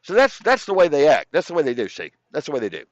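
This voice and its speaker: A man's voice: a little high, wildly swooping pitch, fast talker, dry recording. A man speaking as an interview guest, telling long stories in a rambling, profane way and repeating himself. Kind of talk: casual storytelling interview. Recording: dull lo-fi dry sound.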